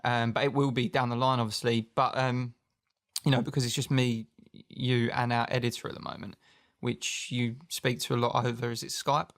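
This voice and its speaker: A British man co-hosting a startup podcast in a relaxed, filler-heavy chat. His voice has a gravelly, creaky texture at a mid pitch. He talks loosely and conversationally. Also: moderate pace. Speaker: podcast co-host. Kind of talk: casual chat.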